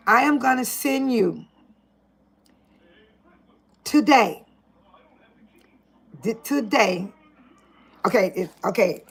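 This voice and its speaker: Gravelly, husky older woman chatting. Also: a little high. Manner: chatty, laughs often, talks to viewers by name. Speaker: vlogger on a live stream. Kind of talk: casual live-stream chat.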